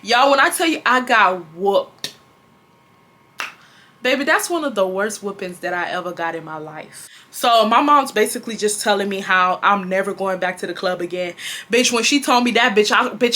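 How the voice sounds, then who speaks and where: Bright-voiced woman in her twenties. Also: mid-range voice, normal speed. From Houston, Texas. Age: 20s. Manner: animated, profane, talks straight to viewers. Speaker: vlogger. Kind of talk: storytime vlog.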